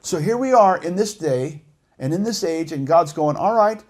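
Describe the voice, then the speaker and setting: A middle-aged man preaching a sermon with passion, dropping to a hush and then rising to shouts. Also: on the high side, expressive, normal speed. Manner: impassioned preaching, swinging between hushed and shouted.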